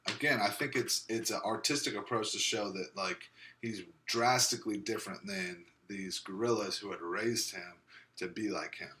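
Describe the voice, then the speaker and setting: A young man chats casually as a podcast co-host. His voice sits fairly low but has a bright edge. He rambles with many fillers, and his slight speech impediment makes him repeat words. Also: moderate pace. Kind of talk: casual chat.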